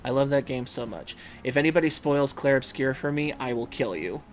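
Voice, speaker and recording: A man's voice: mid-range voice, animated, fairly quick, faint music behind. A man hosting a livestream in casual chat, reading viewers' messages aloud and musing with frequent hums and fillers. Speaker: livestream host.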